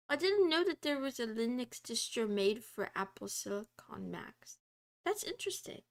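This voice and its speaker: A woman streamer chatting casually with her viewers, reading study notes aloud, giggling and drifting into soft meows. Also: fairly high pitch, sing-song, moderate pace, vocal fry.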